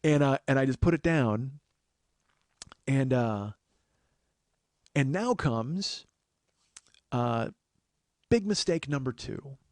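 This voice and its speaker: A man in his forties spins a long comic story with plenty of swearing, his pitch sitting in an ordinary middle range. He gets more animated as the story builds and sometimes bursts into loud shouts. The sound is dry and close to the mic. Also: takes it slowly, long pauses, dry recording. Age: 40s. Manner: animated, profane, shouts quoted outbursts. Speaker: podcast host.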